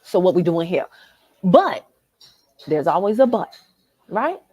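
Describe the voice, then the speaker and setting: A Southern woman hosts a live chat, husky and a little raspy, her pitch leaping up and down as she gets worked up. She talks straight to her viewers, and the sound is close and dry. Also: big pitch swings, measured pace, darkish tone, no echo. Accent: Southern American. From American South. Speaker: livestream host. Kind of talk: animated live chat reading comments. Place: hotel lobby.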